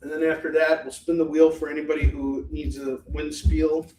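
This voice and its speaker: A man's voice: on the high side, monotone, normal speed, a little mellow, slight background noise. A man hosting a live comic-book sales stream, chatting casually, rambling and swearing freely as he prices each book. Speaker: live shopping stream host selling comics. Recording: echoey room.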